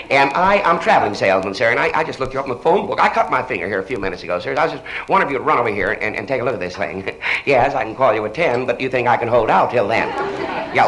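A man's voice: fairly low pitch, fairly bright tone. A man performing a one-sided telephone comedy monologue, polite and flustered, stammering and restarting as he talks to people who are never heard. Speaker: stand-up comedian.

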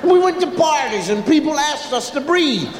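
A man doing stand-up storytelling on stage, drawing out his timing and breaking into loud chants and shouts. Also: very high-pitched, expressive, moderate pace, very noisy. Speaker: stand-up comedian. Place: large hall with a live audience. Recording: echoey hall, live stage recording.

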